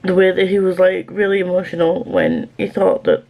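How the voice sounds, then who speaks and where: A woman's voice: on the low side, very animated, normal speed, vocal fry, a little mellow. A woman vlogging about a book she is reading, gushing and emotional, repeating herself and sometimes dropping to a whisper. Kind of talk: casual reading vlog.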